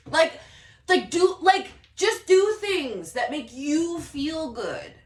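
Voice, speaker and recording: Woman, tarot reader, excitable, high lively voice, roomy echo, distant from mic. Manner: excitable, animated, laughs often. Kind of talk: casual tarot reading to camera. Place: home office.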